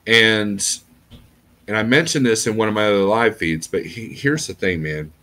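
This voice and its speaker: A man's voice: on the low side, expressive, moderate pace, pushed and bright. A middle-aged man, a trucker, talking in a rambling casual vlog and often checking in with "okay?". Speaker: trucker YouTuber.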